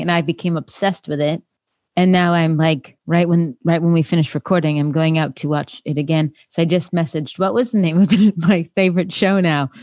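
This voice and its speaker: A woman co-host tells a story with a joking edge in casual podcast chat. Her voice is a little low, and the sound is dry and close. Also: darkish tone, dry recording.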